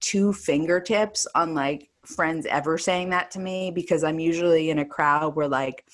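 A woman's voice: sits low, moderate pace. A woman co-hosting a podcast, chatting casually and telling a rambling story full of "like"s, laughing often. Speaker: podcast co-host. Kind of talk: casual chat.

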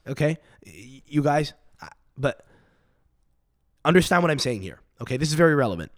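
A man's voice: a little high, big pitch swings, moderate pace, long pauses, dry recording, clean studio sound. A man hosting a podcast, ranting in a rambling, profane, emphatic way, sick with a cough. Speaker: podcast host. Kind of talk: solo podcast rant.

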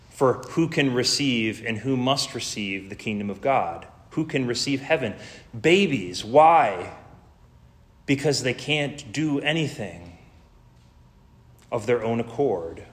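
A man's voice: mid-range voice, a bit bright. A man preaching a sermon in an earnest, emphatic way, building lists and drawing out key words. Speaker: pastor.

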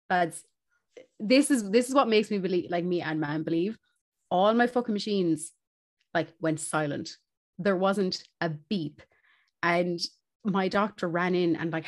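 A young Irish woman, a podcast co-host, telling a story in casual chat, animated and swearing, laughing as she goes. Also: lowish voice.

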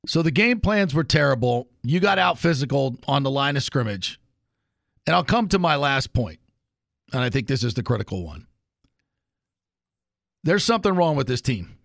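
Gravelly, opinionated sports radio host man. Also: medium pitch, a bit bright, dry recording, studio quality. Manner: opinionated, emphatic, fired-up. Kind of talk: sports talk radio monologue.

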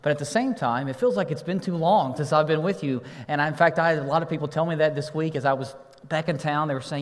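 A man's voice: on the high side, quick pace. Pastor man in a reverberant church. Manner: warm storytelling, playful with the congregation. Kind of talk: sermon. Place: church sanctuary.

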